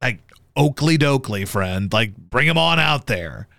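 A man hosting a radio show, chatting casually about sports in a profane, animated way and jumping into high yelps to mimic people. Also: a little slow, creaky, dry recording, studio quality. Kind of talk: casual sports talk banter.

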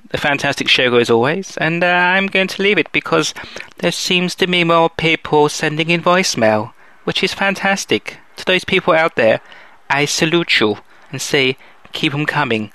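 Gravelly, bright-voiced man with posh English accent. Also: fairly high pitch, normal speed, no room sound. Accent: Windsor English, posh-leaning. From Windsor, England. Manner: jokey, rambling, playful. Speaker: listener leaving a voicemail. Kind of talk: casual chatty voicemail.

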